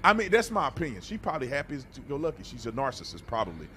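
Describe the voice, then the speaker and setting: A man's voice: mid-range voice, wildly swooping pitch, very fast, sharp tone, a little hiss or hum. A man hosting a reaction video, talking bluntly and animatedly in a preachy, casual way and often repeating words.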